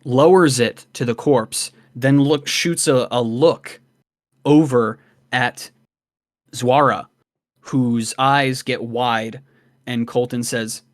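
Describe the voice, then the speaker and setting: A man narrating a tabletop game as dungeon master, unhurried, with fillers between beats. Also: mid-range voice, steady tone, no room sound, clean studio sound.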